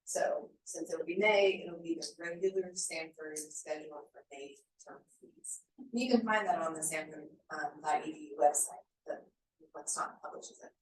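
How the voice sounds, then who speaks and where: A woman's voice: low-pitched, moderate pace. A woman on the staff explaining fees and payment plans in a matter-of-fact way at an information session. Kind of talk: answering questions at an info session. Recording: echoey room, distant mic, faint hum.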